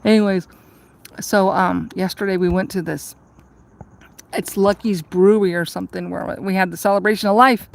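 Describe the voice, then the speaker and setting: A woman's voice: mid-range voice, steady tone, moderate pace, creaky. A woman vlogger telling a rambling, profane story in a casual chat, ranting and laughing at herself.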